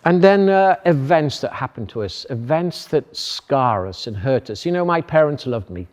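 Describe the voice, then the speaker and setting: A man giving an earnest, measured sermon as a pastor, with thoughtful pauses. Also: mid-range voice, animated, a little mellow. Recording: echoey hall.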